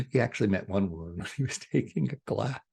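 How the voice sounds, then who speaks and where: A man delivering a channeled spiritual message, soft-spoken and at times hushed. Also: lowish voice, expressive, brisk, vocal fry, husky.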